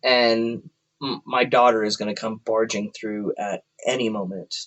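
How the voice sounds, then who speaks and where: A man's voice: steady tone, moderate pace, a bit bright, dull audio. A man co-hosting a podcast from a room at home, rambling and joking with frequent laughs in casual chat. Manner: rambling, jokey, laughs often, drops into a deep voice for stories. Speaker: podcast co-host.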